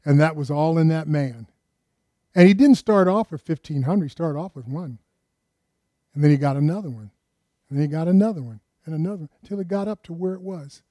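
A man's voice: a little high, brisk, warm tone, no echo, clean studio sound. A man preaching a conversational sermon in a folksy way, often putting questions to his listeners.

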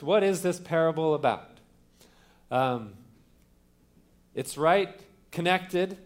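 Guy preaching a sermon, kinda higher voice, chatty teaching with lots of ums. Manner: conversational teaching with fillers and restarts; opens with a quiet prayer. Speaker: pastor.

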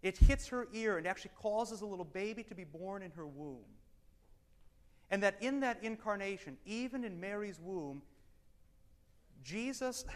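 A man teaching a Bible study class, animated and wry, swinging between loud emphasis and quiet asides. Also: high voice. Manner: wry, self-deprecating humor.

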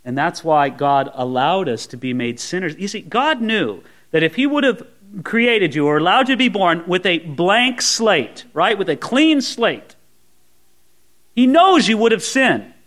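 A man's voice: high-pitched, very animated, a little slow, a bit bright. A man preaching an expository sermon, reading scripture aloud and stressing points with rising and falling emphasis. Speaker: pastor.

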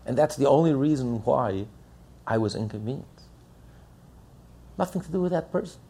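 Gravelly, emphatic preaching man. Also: medium pitch, lively intonation, normal speed, mellow. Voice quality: gravelly, husky. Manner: emphatic, repetitive, rhetorical questions. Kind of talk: sermon.

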